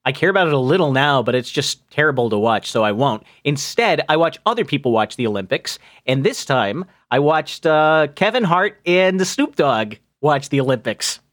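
Jokey male podcast host, fairly high voice. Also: sing-song, normal speed, few pauses, fairly bright tone. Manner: jokey, laughs often, rambling. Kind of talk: casual podcast chat.

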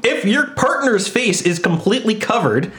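A man co-hosting a comedy podcast, joking slowly and giggling often. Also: high voice, lively intonation, a bit bright. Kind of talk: casual comedy podcast chat. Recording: echoey room with faint noise.

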